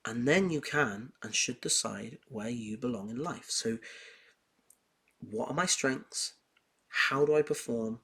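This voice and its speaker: A young man with a medium-pitched voice, hosting a podcast. He talks casually and heats up as he tells personal stories. He repeats his points for emphasis. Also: slow, fairly bright tone, breathy edge. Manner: emphatic, heated storytelling with repetition. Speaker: podcast host. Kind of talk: casual monologue on self-improvement.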